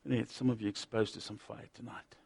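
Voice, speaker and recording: A middle-aged man preaching a sermon, impassioned, swinging from loud urgency to hushed intensity. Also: fairly low pitch, steady tone, fast, creaky, breathy edge.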